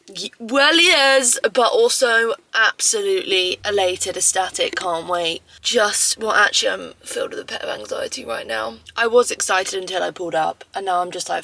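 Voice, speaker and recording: A young woman vlogging casually in an excitable, gushing way, swearing freely as she chats. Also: medium pitch, normal speed, creaky. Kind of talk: casual chatty vlog.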